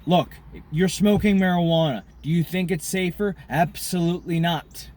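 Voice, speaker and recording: Guy smoking a cigar and ranting, cussing a lot, slightly high voice, gets loud then mutters. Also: normal speed. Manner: profane, swings between loud outbursts and muttered asides; smoking a cigar while talking. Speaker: vlogger. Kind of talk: ranting monologue.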